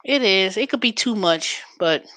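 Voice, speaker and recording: A woman hosting a show in a chatty, storytelling way, turning animated when she quotes callers. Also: mid-range voice, normal speed, dry recording. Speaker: host. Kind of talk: casual chat.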